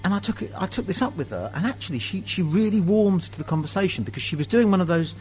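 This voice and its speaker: A man's voice: sits high, fast talker, soft background music, rough recording. A man from England hosting a pub podcast, telling funny anecdotes and acting out the dialogue. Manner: animated anecdotes, acts out dialogue. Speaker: host. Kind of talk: pub chat storytelling.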